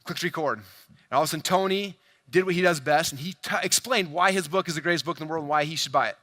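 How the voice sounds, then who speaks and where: A man on stage giving a sales talk to a big crowd. He speaks fast and with lots of energy, in a high voice that stays close and dry even though he is in a large hall. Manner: energetic, playful, addresses audience directly.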